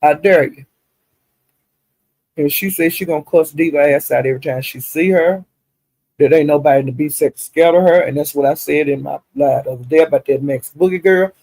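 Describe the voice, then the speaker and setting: Speaking fast in a low, mellow voice with no echo, an older woman with a Southern US accent rants on her live stream. The tone is casual yet profane, indignant, and emphatic.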